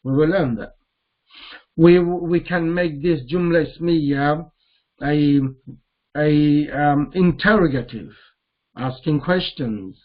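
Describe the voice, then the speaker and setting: A man's voice: on the high side, slow pace, long pauses. A man teaching a grammar lesson, explaining patiently and repeating key points. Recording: tinny phone-like audio.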